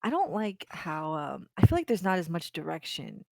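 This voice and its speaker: A woman's voice: deep voice, very animated, normal speed, vocal fry, darkish tone, dry recording, studio quality. A woman on a podcast chatting about video games in an easygoing, giggly way. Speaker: podcast guest.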